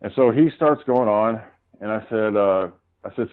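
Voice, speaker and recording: A man's voice: lowish voice, normal speed, narrow, tinny audio. A male guest casually recounting his run-ins with doctors in a heated, profane way. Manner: heated, profane retelling of arguments. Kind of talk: casual storytelling.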